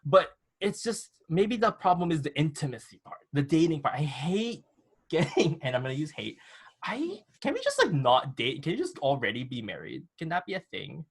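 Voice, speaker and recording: A man's voice: a little high, big pitch swings, moderate pace, slightly rough. A man co-hosting a casual podcast chat, laughing often and mimicking other people's voices in his quotes. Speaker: podcast co-host. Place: studio.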